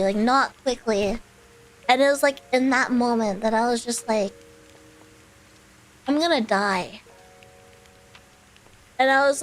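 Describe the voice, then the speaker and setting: High-voiced woman rambling through a story. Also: low-quality recording. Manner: rambling, filler-heavy, with laughs between phrases. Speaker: streamer. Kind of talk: casual storytelling chat.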